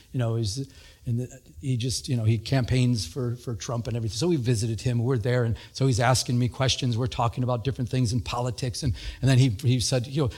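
A middle-aged man preaching a sermon in a conversational, animated way, telling stories and mimicking sounds. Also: mid-range voice. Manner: conversational, animated storytelling with sound effects and quoted voices. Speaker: pastor.

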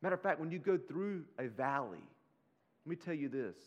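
A man preaching a sermon as pastor, animated and conversational, talking straight to his listeners in casual slang. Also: a little high, a little fast, lo-fi sound. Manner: slips into casual slang like "y'all".

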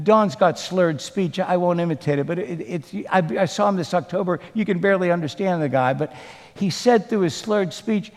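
A man preaching a sermon as pastor, telling a story slowly and earnestly, with quoted dialogue. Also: sits high, long reverb tail.

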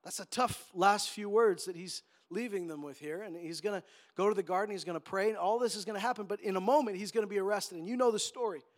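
High-voiced man preaching. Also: fast. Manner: conversational storytelling, rising to emphatic. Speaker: pastor. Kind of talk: sermon.

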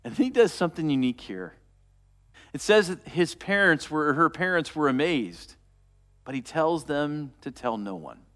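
A man preaching a sermon, retelling a story and dropping to a soft, quiet voice for quoted words. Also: a little high, big pitch swings, moderate pace. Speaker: pastor.

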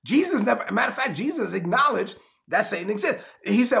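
A man preaching a sermon, his voice pitched high and swinging widely as he pushes rhetorical questions and reads scripture aloud. A gravelly rasp runs under his delivery. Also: big pitch swings, fairly quick, a bit bright. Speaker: pastor.

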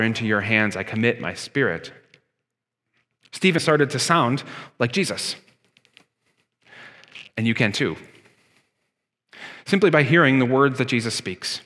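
Earnest pastor preaching, reverberant hall. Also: male voice, a little high, sharp tone. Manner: earnest, emphatic, many rhetorical questions. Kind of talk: sermon.

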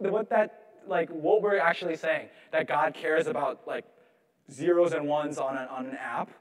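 A man's voice: fairly high pitch, normal speed. A man in his thirties preaching a conversational sermon as pastor, casual and humorous, peppering his talk with "like". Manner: casual, humorous, heavy use of "like".

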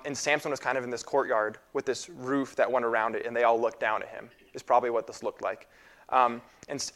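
Young man, sermon, casual and halting, lots of fillers and restarts, mid-pitched voice. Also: fairly bright tone. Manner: casual, halting delivery with fillers and repeated phrases. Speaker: preacher.

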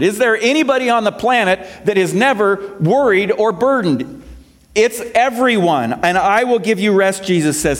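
Man, pastor, preaching a sermon, slightly high voice, asks the congregation questions. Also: animated, normal speed.

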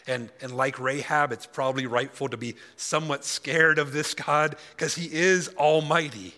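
A man giving a sermon as a guest speaker at a conference, reading scripture aloud with emphatic pauses. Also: a little high, steady tone, sharp tone, in a large hall. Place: conference hall.

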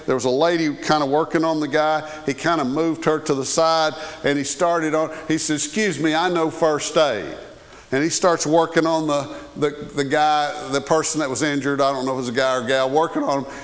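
A man's voice: fairly high pitch, steady tone, a little fast, few pauses. Preacher man in a reverberant hall. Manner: conversational preaching, checks in with "okay?". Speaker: pastor. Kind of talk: sermon.

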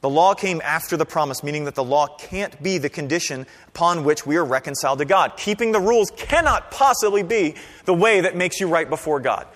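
A pastor preaching a sermon in a conversational, animated way, often checking in with the congregation. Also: male voice, on the high side, brisk, hardly any pauses, long reverb tail. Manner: conversational, animated preaching with frequent "right?" and "okay?".

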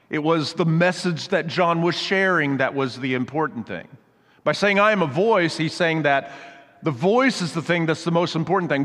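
A man's voice: a little high, fairly bright tone. A man giving a conversational sermon as pastor, explaining scripture with casual asides. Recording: long hall reverb.

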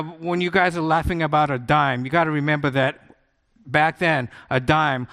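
An older man preaching a sermon, telling a story with lively acted-out voices and self-mocking humor. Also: on the high side. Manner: animated, acts out comic-strip voices, self-mocking humor. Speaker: pastor.

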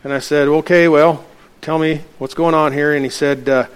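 Middle-aged pastor preaching a story. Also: male voice, steady tone, normal speed, clean tone. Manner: storytelling, acting out dialogue with lifted pitch. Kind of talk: sermon.

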